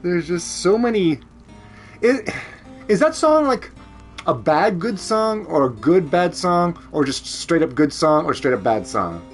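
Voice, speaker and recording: A man's voice: on the high side, very animated, unhurried, faint music behind. A man with a Canadian accent chatting casually at home on a stream, rambling, laughing often and swearing freely. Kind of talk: casual chat.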